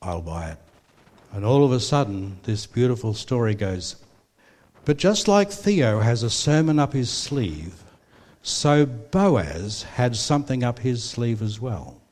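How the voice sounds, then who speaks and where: This older Australian preacher is very animated yet unhurried, his mid-range voice a little mellow. He rambles through personal stories in his sermon, with lots of fillers and restarts.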